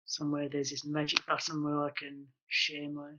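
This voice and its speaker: A man's voice: a little high, monotone, moderate pace, muffled recording, heavy background noise. A man giving an online conference presentation over a video call, explaining projects with lots of ums and uhs. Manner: explanatory, filler-heavy with many ums and uhs.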